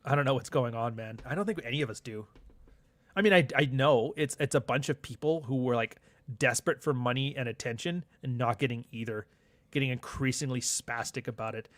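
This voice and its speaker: A man's voice: mid-range voice, brisk, fairly bright tone, dry recording. Sardonic man ranting on a stream. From Canada. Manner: sardonic, profane, rambling. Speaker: livestream host. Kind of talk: casual ranting monologue.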